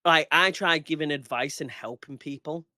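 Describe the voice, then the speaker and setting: A man in his thirties rants heatedly and swears freely in a casual podcast chat. His voice sits a little high and sounds bright and forceful. The recording is dry, with no room sound around him. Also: normal speed, dry recording. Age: 30s. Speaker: podcast guest.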